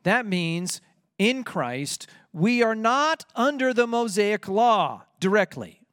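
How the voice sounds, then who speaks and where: A man's voice: high-pitched, sing-song, slow, fairly bright tone, clean tone, dry recording, studio quality. A man preaching a sermon, emphatic and rising when he reads out scripture. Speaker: pastor.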